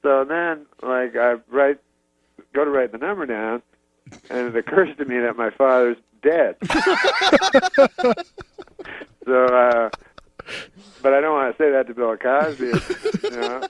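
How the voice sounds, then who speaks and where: A man from Canada, telling a meandering anecdote as a comedian guest in a deadpan way, chuckling at his own story. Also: medium pitch, takes it slowly, long pauses, no room sound. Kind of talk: rambling anecdote in an interview. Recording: slightly muffled lo-fi audio, dry.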